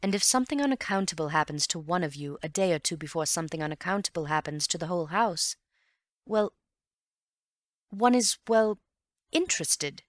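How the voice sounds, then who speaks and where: Woman reading calm wry gentleman sleuth, unhurried teasing reasoning, lowish voice, dry sound. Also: no room sound, lightly acted. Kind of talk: audiobook character voice.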